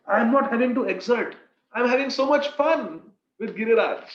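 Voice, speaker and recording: A man's voice: very high voice, fairly quick, pitched above the performer's own voice. Playful carefree divine boy , man reading him: light and reassuring; dull roomy sound. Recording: echoey room, dull lo-fi sound.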